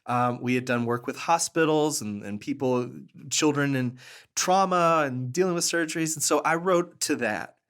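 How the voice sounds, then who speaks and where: A man telling stories as a podcast guest, animated and earnest, often laughing and restarting his sentences. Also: medium pitch, moderate pace. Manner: earnest, warm, with fillers and restarts. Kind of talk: conversational storytelling.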